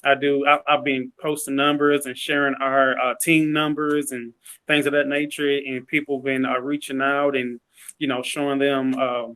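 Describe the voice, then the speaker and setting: A man's voice: mid-range voice, little pitch movement, normal speed, fairly bright tone, rough recording. A man being interviewed on a team call, humble and determined, with hesitant fillers. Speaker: sales agent, interview guest. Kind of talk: casual conversational interview. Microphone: call audio.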